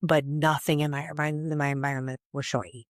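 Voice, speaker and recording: A woman's voice: low voice, level tone, fairly quick, dry recording, clean studio sound. A woman hosting a podcast, speaking earnestly and emotionally in a flowing, heartfelt way about spiritual growth.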